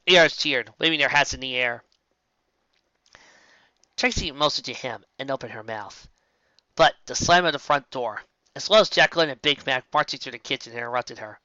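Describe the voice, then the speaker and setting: A woman narrating a fan story aloud in an expressive amateur audiobook reading, recorded on a dull lo-fi home setup. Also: a bass voice, normal speed, pauses often, dry recording. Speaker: fanfiction reader.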